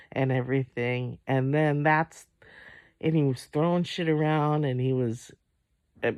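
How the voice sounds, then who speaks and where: Home vlogger, rambling and profane, gravelly voice, dry room. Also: medium pitch, darkish tone, no echo. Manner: rambling, profane, many restarts. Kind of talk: casual storytelling monologue.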